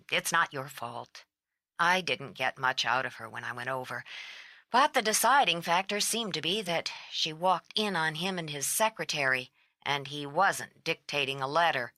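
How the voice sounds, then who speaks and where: A woman doing a blunt sleepless woman, low and tense. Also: bright, forceful tone, no room sound, studio quality. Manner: blunt, clipped and weary. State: strung out from no sleep. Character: exhausted sharp-tongued woman on the phone.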